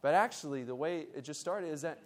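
High-voiced man teaching a lively Bible lesson. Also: a little fast. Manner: lively, leads the audience in call and response. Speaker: youth conference speaker. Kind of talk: Bible lesson with group exercise.

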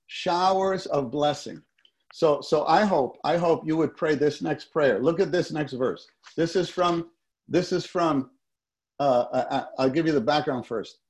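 Male preacher, sermon, slightly high voice, repeats and restarts phrases, call-and-response. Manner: halting, repeats words, leads congregation in call-and-response. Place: meeting hall with a summer-school gathering.

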